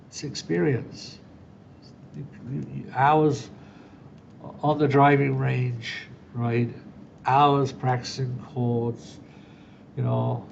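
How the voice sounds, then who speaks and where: Male podcast host with a gravelly voice, chatty storyteller who acts out dialogue, middle-pitched, dull lo-fi sound. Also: a little mellow. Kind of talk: solo podcast monologue. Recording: dull lo-fi sound with faint rumble.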